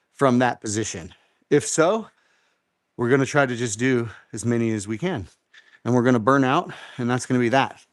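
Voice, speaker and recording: A middle-aged man coaches a home workout live, with a middling pitch and plenty of encouragement. He repeats his cues and keeps the instructions simple. His voice sounds dry and close. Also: no room sound. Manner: encouraging, repeats instructions, counts reps aloud. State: out of breath after exercise. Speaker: fitness coach and live show host.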